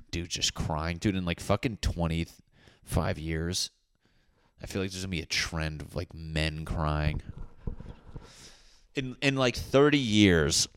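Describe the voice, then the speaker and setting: A man's voice: low voice, clear, resonant tone, no echo, studio quality. A man talking casually to camera as a comedian, in a profane, teasing, mock-insulting rant. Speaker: comedian vlogger.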